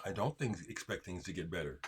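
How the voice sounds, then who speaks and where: A man hosts his own video with a husky, slightly rough voice, talking unscripted to camera. His delivery is heated and emphatic, and his pitch swings widely as he restarts his sentences and pushes his points. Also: expressive, quick pace. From United States. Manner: heated, emphatic, frustrated ranting with repeated restarts. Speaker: video host answering viewer comments.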